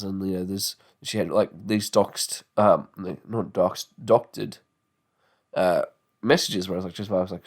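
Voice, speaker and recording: Australian man, 20s, low voice; loose, profane solo podcast host. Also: steady tone, moderate pace. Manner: rambling, swears freely, mocking put-on voices. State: sore tongue and jaw. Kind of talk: casual podcast monologue.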